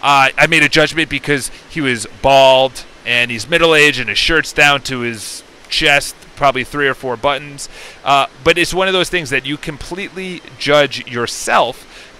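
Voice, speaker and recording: Rambling, forceful man with a headset mic. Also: on the high side, low-quality recording. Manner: rambling, with self-interruptions and restarts; acts out quoted dialogue in shifting voices. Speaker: real estate agent and self-development vlogger. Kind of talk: unscripted motivational monologue. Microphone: headset into a phone.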